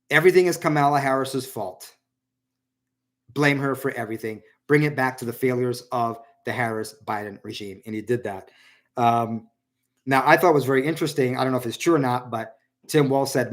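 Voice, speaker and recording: A man's voice: mid-range voice, steady tone, normal speed. Rambling male political commentator. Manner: rambling, repeats words, quotes others in a raised voice. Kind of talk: casual solo commentary.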